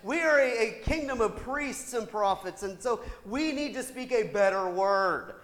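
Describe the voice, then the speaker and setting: A male pastor delivers a sermon in a church sanctuary. His pitch swings all over as he preaches, lively and conversational, with quick asides to the congregation. A long, lingering hall reverb trails every phrase. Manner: animated, with rhetorical asides and laughter.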